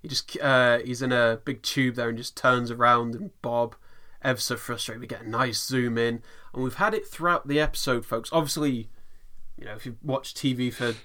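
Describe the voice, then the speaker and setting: Bloke rambling on a podcast, bright forward voice, lots of you-knows. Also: male voice, medium pitch, steady tone, moderate pace. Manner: chatty, rambling, with many fillers. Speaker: podcast co-host. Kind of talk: casual chat.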